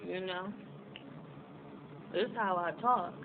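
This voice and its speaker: A woman's voice: fairly low pitch, measured pace, phone-quality sound, noisy background. Frustrated woman venting into her phone. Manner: loud and tense when frustrated, venting. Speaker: vlogger. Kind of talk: casual vlog to camera.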